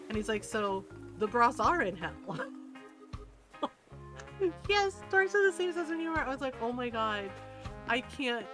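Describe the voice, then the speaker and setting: Animated, foul-mouthed woman streamer. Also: on the high side. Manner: animated storyteller, swears freely, acts out what people said. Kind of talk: casual chat on a gaming livestream.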